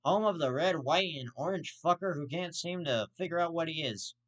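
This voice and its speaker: A man's voice: fairly high pitch, moderate pace, fairly bright tone, lo-fi sound. A man hosting his own show, giving profane ranting commentary in a blunt, repetitive way. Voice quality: blunt, profane and repetitive, circling back to the same insult. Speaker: show host.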